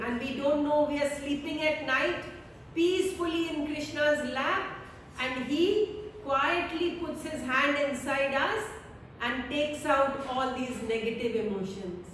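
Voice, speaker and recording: A woman with a high voice speaks slowly and calmly, giving a devotional scripture talk with gentle repetition. Her voice is picked up from a distance in a very echoey hall with a long reverb tail. Faint room ambience sits underneath. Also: slight background noise. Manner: slow, calm, meditative delivery with repeated phrases. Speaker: spiritual teacher.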